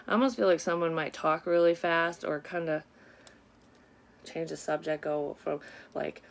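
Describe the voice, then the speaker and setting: Rambling, cursing woman with a low voice. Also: steady tone, moderate pace, gravelly, pauses often. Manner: rambling, profane, sighing, talks to the audience. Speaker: psychic medium doing a reading. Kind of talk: casual spoken reading to viewers.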